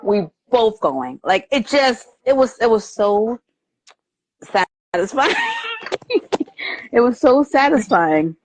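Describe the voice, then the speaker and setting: A woman hosting a casual live movie review chat, animated and quick to laugh, acting out lines from scenes as she retells them. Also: on the high side, slight background noise. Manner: animated, quotes lines in put-on voices, lots of laughter. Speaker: host. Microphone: live video stream.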